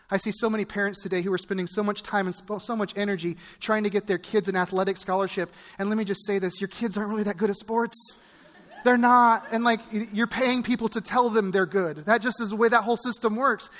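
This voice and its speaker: High-voiced pastor in a reverberant hall. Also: male voice, fairly bright tone. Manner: casual, rambling storytelling with many fillers. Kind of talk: sermon. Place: church auditorium. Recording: long reverb of a large church hall.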